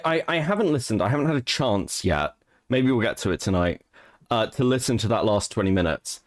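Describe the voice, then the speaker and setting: A man co-hosting a live stream, chatting casually, swearing and laughing, often restarting his sentences. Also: a little high. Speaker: stream co-host.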